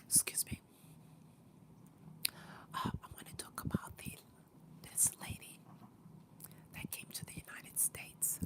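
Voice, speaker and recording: A woman with laryngitis talking in a whisper with her mouth close to the mic, chatting casually on a livestream with many pauses and fillers. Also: fairly low pitch, lively intonation, gravelly. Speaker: livestream host.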